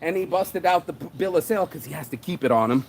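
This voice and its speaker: A man with a fairly high, expressive voice talks at a quick clip against slight background noise. As an entrepreneur and shirt designer, he gives a loose, self-hyping motivational talk about business, cursing often, speaking street slang and saying "bro" constantly.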